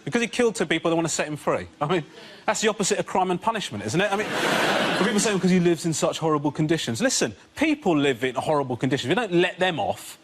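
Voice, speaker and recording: A man doing a stand-up routine on a panel show, ranting with incredulous outbursts that build to shouts. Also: on the high side, very animated, fast. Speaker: comedian. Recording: loud background noise.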